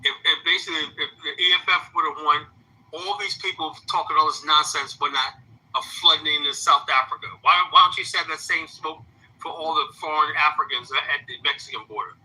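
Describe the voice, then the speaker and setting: A man's voice: fairly high pitch, fairly quick, bright, forceful tone, husky, low-quality recording. A man giving heated commentary, firing off blunt rhetorical questions and repeating himself. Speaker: commentator in a played clip. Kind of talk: heated commentary reacting to a clip.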